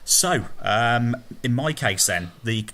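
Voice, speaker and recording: A man hosting a casual conversation, with a bright, forward tone. He leads the questions in a relaxed, easygoing way. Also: mid-range voice, takes it slowly. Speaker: host. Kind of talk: casual chat.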